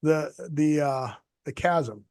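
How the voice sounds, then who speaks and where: A man with a somewhat high voice chats casually as co-host over a video call. He rambles through his points and drops deadpan jokes. The sound is close and dry, with no room around it. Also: slow pace, smooth, no echo. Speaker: podcast co-host.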